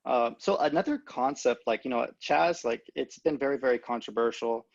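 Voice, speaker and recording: A man co-hosting a political podcast, talking quickly and haltingly with frequent restarts. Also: mid-range voice, lively intonation, creaky, dry recording. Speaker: podcast co-host. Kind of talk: casual political discussion. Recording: dull lo-fi sound.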